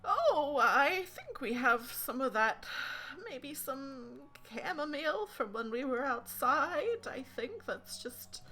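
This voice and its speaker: Brief: a woman doing a high, flustered old mother, bright voice, leaps around in pitch. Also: very animated, takes it slowly, heavily acted. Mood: kindly. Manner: high, fluttery and stammering. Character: old mother fretting in a rocking chair.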